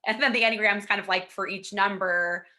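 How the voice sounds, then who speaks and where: A woman hosting an interview, agreeable and quick to chime in with affirmations. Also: mid-range voice, steady tone, bright, forceful tone. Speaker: host. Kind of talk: casual interview chat.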